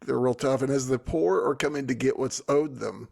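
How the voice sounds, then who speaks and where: A man's voice: medium pitch, normal speed, vocal fry, a little mellow, husky. A man co-hosting a book podcast, chatting casually and wandering off into apologetic digressions. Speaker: podcast co-host. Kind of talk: casual chat.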